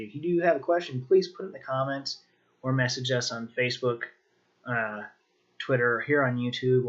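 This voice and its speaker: A man giving a casual video lesson on vocabulary, talking in a relaxed way with lots of ums and restarts. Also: mid-range voice, lo-fi sound. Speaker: language teacher.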